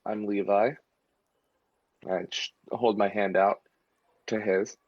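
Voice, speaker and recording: A man playing his character at a tabletop game, speaking slowly. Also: lowish voice, level tone, dry recording, dull audio. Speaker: player.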